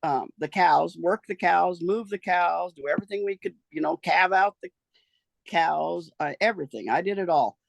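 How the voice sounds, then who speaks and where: Gravelly older woman telling her story. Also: on the low side, normal speed, dry recording. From American rural West. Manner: folksy, rambling, trails off and restarts. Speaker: interviewee recounting her life. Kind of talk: casual storytelling.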